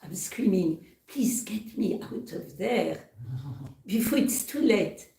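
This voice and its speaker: Old clay teacup, put on by a woman speaker, slow and earnest, echoing hall. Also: medium pitch, lively intonation, gravelly, warm tone. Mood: distressed. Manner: first-person storytelling, earnest. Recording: roomy hall, far from mic.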